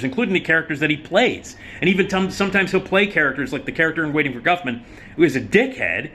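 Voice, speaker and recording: A man's voice: a little high, animated, quick pace, sharp tone. A man hosting his own show, ranting about comedies he dislikes in a profane, emphatic way. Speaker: host. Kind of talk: opinionated solo commentary.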